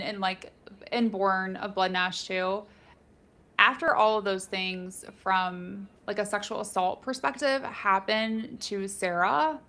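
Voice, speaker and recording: A woman's voice: mid-range voice, pushed and bright. Chatty woman co-hosting a book chat. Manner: speculative, chatty, many "like" fillers. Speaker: book discussion co-host. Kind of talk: casual live book chat.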